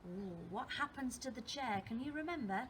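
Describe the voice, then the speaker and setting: A woman teacher reading a storybook to young children, expressive and asking them questions as she goes. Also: high-pitched, normal speed, a little hiss or hum. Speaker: primary school teacher.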